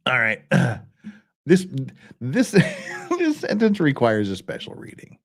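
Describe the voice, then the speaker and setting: A man's voice: mid-range voice, wildly swooping pitch, takes it slowly, pauses often. A man hosting a livestream, reading a passage aloud in a mock-dramatic way, breaking into whispers and cracking up laughing. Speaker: legal commentary livestream host.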